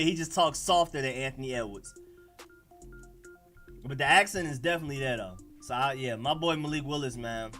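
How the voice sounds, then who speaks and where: A man with an Atlanta accent hosting a casual sports livestream, talking in an animated, slangy way and reacting to the live chat. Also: medium pitch, fairly quick, soft background music. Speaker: livestream host.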